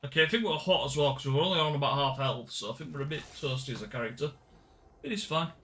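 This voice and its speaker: A man's voice: on the high side, fast, a bit bright. A man giving casual game walkthrough commentary, chatty and often correcting himself mid-sentence. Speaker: gaming channel host.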